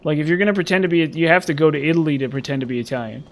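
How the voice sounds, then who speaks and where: A man's voice: on the high side, rapid-fire. A man giving casual, rambling and sarcastic commentary while playing a video game. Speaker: gameplay commentator.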